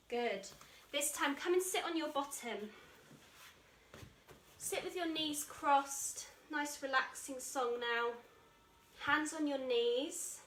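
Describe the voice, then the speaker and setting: A woman with an English accent guiding a children's yoga class, calling out moves in a gentle, encouraging way. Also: sits high, slow, pauses often. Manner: encouraging, gentle, calls out moves while exercising. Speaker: kids yoga instructor. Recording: echoey room, voice from a distance, soft music.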